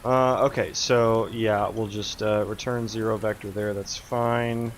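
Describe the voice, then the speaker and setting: A man's voice: lowish voice, steady tone, slight background noise. Man thinking aloud while coding. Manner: rambling, self-talking, halting with fillers. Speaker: game developer streaming his work. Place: at home.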